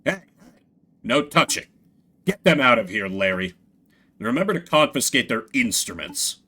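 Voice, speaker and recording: A man's voice: mid-range voice, very animated, moderate pace, bright, forceful tone, husky, heavily acted. A man voicing a smug, cold male stoat prison captain who speaks in a dry, menacing drawl.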